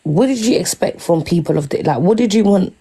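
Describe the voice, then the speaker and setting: Dark, husky woman questioning on a live stream. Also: on the low side, animated, brisk. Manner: presses with repeated "like".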